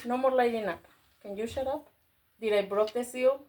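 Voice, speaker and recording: Spanish-speaking lady unboxing stuff, super excited, gasps a lot, kinda high voice, faint hiss behind. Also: normal speed, long pauses. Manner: excitable, gasping and squealing over finds. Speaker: vlogger unboxing a craft store grab box. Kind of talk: casual unboxing chat.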